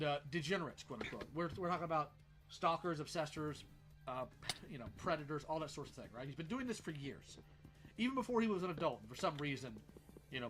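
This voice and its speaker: A man delivers a commentary video in a fairly high voice, measured and explanatory. Dry sarcastic asides slip into his script, and soft music runs beneath. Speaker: YouTube commentator in a played clip.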